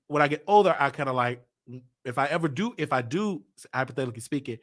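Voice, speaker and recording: A man's voice: medium pitch, a bit bright. A man hosting his show, talking candidly and confessionally about his life and repeating himself as he works through it. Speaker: show host. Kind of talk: candid personal livestream talk.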